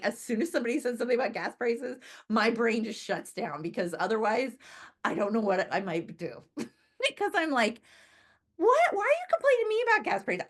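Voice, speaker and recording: A woman giving a chatty motivational business training talk, often laughing and checking in with her listeners by asking "right?". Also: medium pitch.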